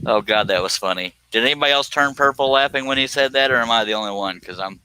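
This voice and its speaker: A man's voice: mid-range voice, quick pace, bright, forceful tone, clean tone, dry recording, rough recording. A middle-aged man hosting a livestream, chatting casually and laughing often. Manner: laughs often, rereads a chat message in a mock-threatening voice. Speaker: livestream host. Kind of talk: casual chat.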